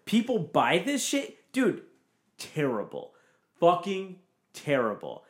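A man's voice: a little high, huge pitch swings, slow pace. A man in casual podcast chat who rants emphatically and swears constantly. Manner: profane, ranting, emphatic.

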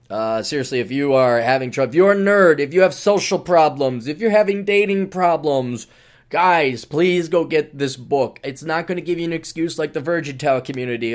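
Man, podcast host, casual monologue, sarcastic, ranting, animated pitch.

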